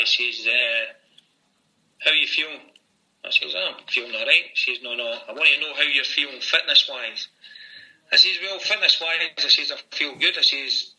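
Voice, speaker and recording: A man's voice: medium pitch, bright, forceful tone, poor audio. A middle-aged Scottish man, a former footballer, telling long stories in an interview, often repeating "he says" and "I says". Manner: rambling anecdotes with repeated "I says". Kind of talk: storytelling interview.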